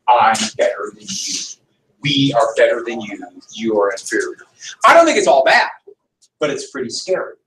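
A man teaching a classroom history lesson, his voice sitting somewhat high and swinging widely as he presses his points with rhetorical questions. He is picked up from a distance, so the room's echo hangs around every phrase. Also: fairly bright tone. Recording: echoey room, from far off.

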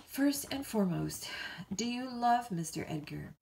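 A woman's voice: fairly high pitch, lively intonation, unhurried, vocal fry, darkish tone, pitched above the performer's own voice. A woman voicing a tart, scolding housekeeper. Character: blunt, sulky middle-aged housekeeper. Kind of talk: storybook reading.

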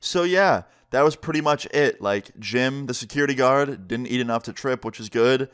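A man telling a casual story-time vlog in an animated, slangy way, swearing freely. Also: medium pitch, moderate pace, clear, resonant tone. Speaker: storyteller vlogger.

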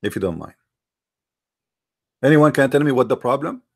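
A man's voice: mid-range voice, lively intonation, moderate pace, vocal fry. A man hosting a live-streamed religious debate, speaking with a mocking, argumentative tone, firing rhetorical questions at his viewers in non-native English grammar.

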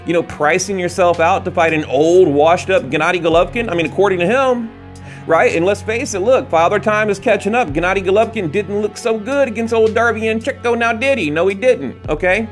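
Male boxing vlogger, high voice, rambling late-night rant with restarts. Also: fairly quick, faint music behind. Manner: rambling, rants with frequent restarts. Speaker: boxing channel host. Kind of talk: casual ranting commentary. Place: late-night home recording.

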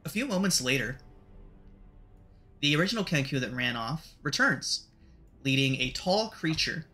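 A man narrating a tabletop game as game master, relaxed and full of fillers. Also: on the high side, normal speed, faint music behind.

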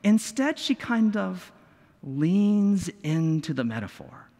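A man preaching a sermon in a church sanctuary, with a lively voice that swings up and down. He talks slowly, using rhetorical questions and dramatic pauses. His voice rings with long reverb through the hall. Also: high-pitched. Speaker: pastor.

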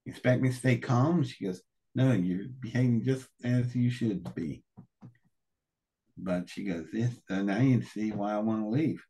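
A man's voice: on the low side, a little slow, breathy edge. An older man as an interview guest, telling a personal story with strong feeling, acting out the dialogue and swearing now and then. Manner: animated, acts out quoted dialogue, swears. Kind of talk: emotional first-person storytelling.

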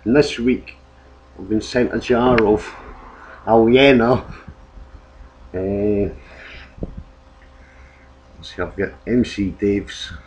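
A man's voice: lowish voice, slow pace, pauses often, a little mellow. A British man hosting an improvised comic vlog, rambling and hesitant, amused at himself. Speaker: comedy vlogger. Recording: dull lo-fi home recording, faint noise.

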